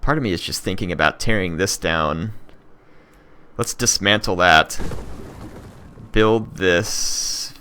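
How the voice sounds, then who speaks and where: Low-voiced man thinking aloud over a strategy game. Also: slow pace, long pauses, sharp tone, smooth. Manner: thinking aloud, many fillers and restarts. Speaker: gaming channel host. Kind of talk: casual let's-play commentary.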